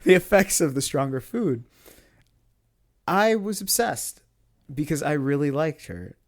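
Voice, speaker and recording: Man, podcast host, casual story, lively, laughing. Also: fairly high pitch, a little slow. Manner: animated, laughs between lines.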